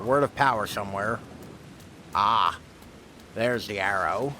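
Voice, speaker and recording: A man's voice: on the low side, slow pace, long pauses, background noise. Rambling man streaming a game. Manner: rambling, self-deprecating, swears casually. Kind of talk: casual let's-play commentary.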